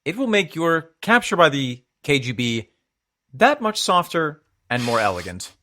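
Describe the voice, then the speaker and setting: A man's voice: on the high side, very animated, a little slow, bright, forceful tone. A man co-hosting a podcast in casual comedic chat, tossing in jokey, riffing asides. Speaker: podcast co-host.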